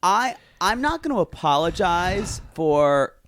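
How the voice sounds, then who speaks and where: A man's voice: sits high, very animated, takes it slowly, fairly bright tone. A man co-hosting a podcast, chatting casually, swearing and gossiping. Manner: swearing, gossipy, slips into mocking quotes. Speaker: podcast co-host. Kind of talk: casual chat.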